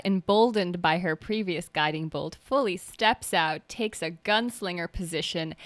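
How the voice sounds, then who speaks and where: A female tabletop player who narrates her character's moves in a plain, steady voice. The recording is dry and close. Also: lowish voice, no room sound.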